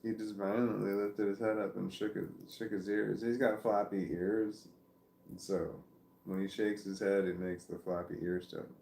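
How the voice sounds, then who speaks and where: Man, low and gravelly, home livestream chat, meandering, roomy echo. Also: flat delivery, normal speed, darkish tone, slight background noise. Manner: meandering, self-interrupting, talking to viewers about his dog. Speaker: vlogger. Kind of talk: rambling casual livestream chat. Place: at home, seated with dog on his legs. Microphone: phone or camera on a stand.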